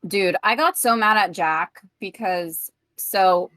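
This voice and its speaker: A woman's voice: medium pitch, slow, fairly bright tone, no room sound. A woman chatting casually with her tabletop group, venting about work, swearing freely and quoting her coworkers in a rush. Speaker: player. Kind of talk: casual chat, telling a work story.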